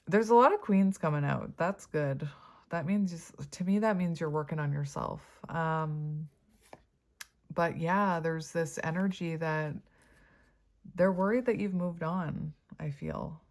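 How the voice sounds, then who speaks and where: A woman's voice: sits low, slow, long pauses, a little mellow. A woman giving a casual tarot reading, chatty and prone to giggling, with lots of fillers. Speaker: tarot reader.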